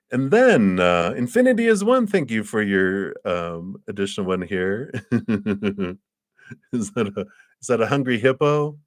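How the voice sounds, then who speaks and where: List: man, deep voice, tarot reader, live stream, rambling, laughs a lot, dry close sound. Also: no room sound. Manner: chatty, rambling, laughs often. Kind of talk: live-stream card reading.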